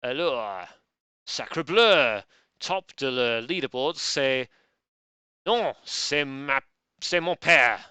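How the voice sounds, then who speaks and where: A man's voice: medium pitch, expressive, slow, long pauses, pushed and bright, clean tone, no echo. A man putting on an exaggerated, faltering comic French accent as a quiz announcer. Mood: hammy. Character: hammy mock-French male quiz announcer.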